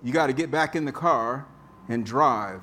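A man's voice: mid-range voice, normal speed, pushed and bright, a little hiss or hum. A male pastor giving a conversational sermon in a church, repeating key phrases for emphasis. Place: church sanctuary.

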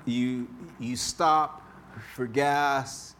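A man preaches a sermon at an unhurried pace, talking to the congregation in a casual, conversational way. He repeats key phrases to drive them home. Faint room ambience sits behind him in the church. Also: mid-range voice, steady tone, a bit bright, slight background noise. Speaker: pastor. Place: church sanctuary.

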